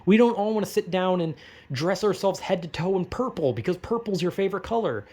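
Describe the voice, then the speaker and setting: A man's voice: high voice, expressive, normal speed, darkish tone. A young man in a casual, rambling rant, swearing often and mocking himself. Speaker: online commentator.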